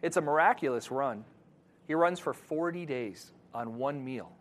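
A man preaching a sermon to his congregation, moving between quiet scripture reading and loud, animated emphasis. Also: mid-range voice, unhurried. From Wisconsin, USA. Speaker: pastor.

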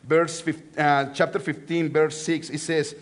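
A pastor preaching a sermon, telling a story with lots of animation, swinging from loud emphasis to hushed lines and repeating phrases for effect. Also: male voice, a little high, level tone, a little slow.

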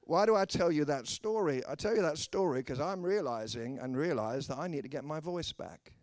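A British man preaching with a bright, swooping voice that climbs and dips as he slips into the voices of people in his stories. His humor is dry and self-mocking. The sound is close and dry, with no room around it. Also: a little high, lively intonation, a little fast, no room sound. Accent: British English. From Britain. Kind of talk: humorous sermon with acted anecdotes.

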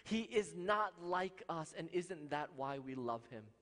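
A fairly high-voiced man delivering an impassioned sermon, rising to loud peaks and dropping to near-hushed passages. His voice rings out with a long reverb trailing behind it, as in a large hall. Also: animated, a little slow. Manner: impassioned, swings from loud highs to hushed lows. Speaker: preacher.

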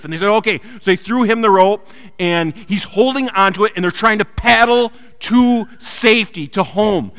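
A man preaching a sermon built around a personal story, swinging from loud urgent lines to quiet hushed ones. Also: on the high side. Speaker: pastor. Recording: long hall reverb.

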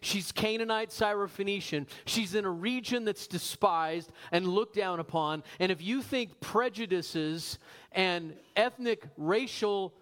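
A man preaching a sermon as pastor, animated, asking the congregation rhetorical questions and slowing down for emphasis. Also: high voice. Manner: varies pace, slows for emphasis.

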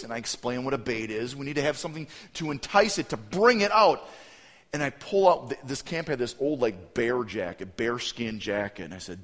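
A man preaching a sermon, telling a story and acting out the voices of frightened children with big swings in pitch and loudness. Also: fairly quick, in a large hall.

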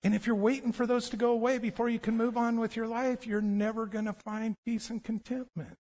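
Male pastor, high voice, animated storytelling sermon, long hall reverb. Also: a little fast.

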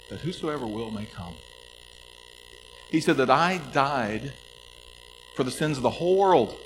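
A pastor preaching a sermon, stressing scripture slowly and dropping to soft appeals. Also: male voice, fairly high pitch, expressive, slight background noise, poor audio. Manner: emphatic, slows down to stress scripture, drops to soft pleas.

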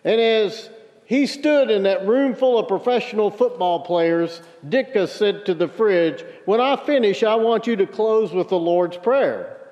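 High-voiced man preaching in a hall. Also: unhurried, a little mellow. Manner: storytelling, emphatic preaching. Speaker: pastor. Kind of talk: sermon. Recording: dull sound with long hall reverb.

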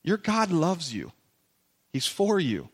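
A man's voice: on the high side, huge pitch swings, takes it slowly, slightly rough, in a large hall. A man preaching a sermon as pastor from a church stage. He preaches with passion and at times speaks in the voices of imagined listeners.

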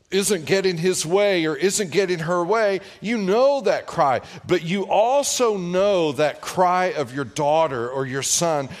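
Slow-preaching pastor, slightly high voice. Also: male voice. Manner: emphatic preacher, pitch swinging with the point. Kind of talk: sermon.

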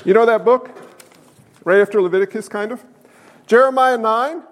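A man preaching a sermon as pastor, an animated storyteller who jokes with the congregation. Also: high voice, normal speed, big-room sound.

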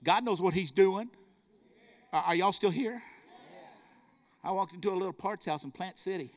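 A man's voice: high voice, moderate pace. A middle-aged man preaching a sermon, telling stories with fervor and calling out to the congregation. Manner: fervent storytelling, calls to the congregation.

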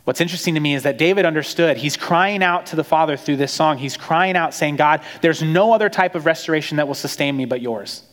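Male pastor, conversational storytelling sermon, higher-pitched, echoing hall. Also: quick pace, hardly any pauses. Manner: conversational, animated storytelling with acted quotes.

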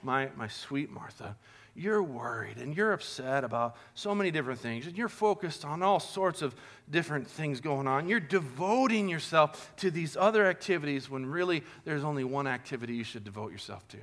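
A man voicing a gentle, loving male teacher who speaks softly and tenderly in a sermon retelling. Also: a little high, lively intonation, pitched below the performer's own voice. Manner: soft, slow and tender.

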